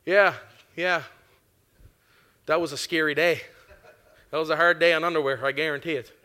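A man delivering a sermon in a relaxed, folksy way. He mixes everyday chatter with scripture and throws out "amen" and "come on" to his listeners. His voice sits high and sounds bright and forward. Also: moderate pace, clean tone. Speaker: preacher.

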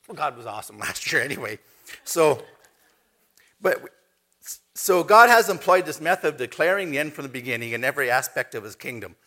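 A man preaching with a gravelly, husky edge to his voice. His delivery is conversational and animated, with lively swings in pitch. The tone is bright and forceful. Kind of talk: sermon.

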